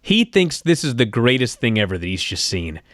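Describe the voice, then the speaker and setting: A man co-hosting a podcast, recapping with animated, exasperated rants and swearing. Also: mid-range voice, normal speed, no room sound, clean studio sound. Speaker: podcast co-host. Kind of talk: casual recap chat.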